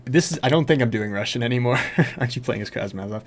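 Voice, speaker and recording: A man's voice: mid-range voice, fast talker. Playful man commentating a game. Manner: playful and jokey, talking over the game. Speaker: gaming streamer. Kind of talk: casual let's-play commentary.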